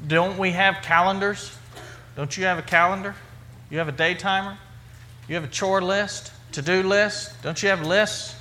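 A man's voice: high voice, sharp tone. A man preaching a sermon in a conversational way, with repetition and rhetorical questions. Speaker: pastor.

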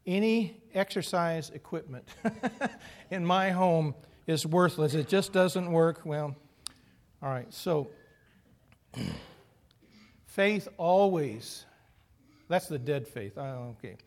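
Lively high-voiced male preacher. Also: slow, pauses often. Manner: animated storytelling with funny asides. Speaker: pastor. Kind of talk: sermon.

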